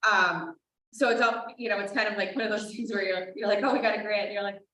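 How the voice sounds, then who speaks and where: A woman giving a hesitant update at a public board of health meeting, with many pauses and restarts. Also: medium pitch, fairly even intonation, pushed and bright. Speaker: board of health member, alternate regional representative. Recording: roomy echo, distant mic.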